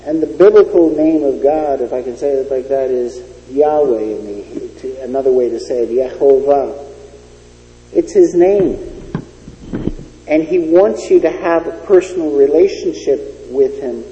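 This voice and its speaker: A man's voice: medium pitch, measured pace, mellow. A man preaching a sermon with an emphatic, storytelling delivery. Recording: dull lo-fi recording in an echoey hall.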